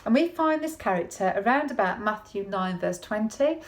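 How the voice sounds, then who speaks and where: Woman, conversational sermon, folksy, tag questions, mid pitch. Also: expressive, moderate pace. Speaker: preacher.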